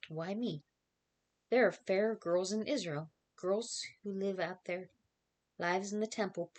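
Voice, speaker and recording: A woman voicing a frightened yet faithful young girl who stumbles over her words and pleads to be believed. The voice sits slightly low and soft, in a dramatic reading. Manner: hesitant, halting, pleading.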